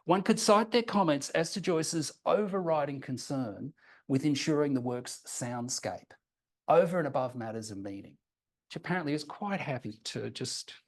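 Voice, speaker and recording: A man presenting a prepared academic seminar paper, reading it in a measured way and slowing down deliberately for quoted examples. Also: on the high side. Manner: measured, reads quotations slowly and deliberately.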